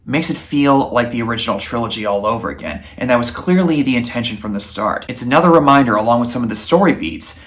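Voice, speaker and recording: A man's voice: mid-range voice, animated, quick pace, few pauses, a bit bright. Male film reviewer doing a scripted voice-over; earnest, upbeat and conversational, with an ordinary mid-range voice. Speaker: movie reviewer, channel host.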